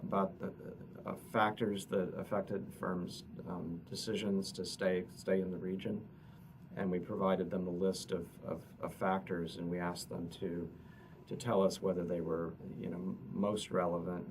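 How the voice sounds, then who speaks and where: A man, an economist, explaining survey results at a press conference in a halting way, often repeating words. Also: sits low, little pitch movement. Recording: distant mic with noticeable noise.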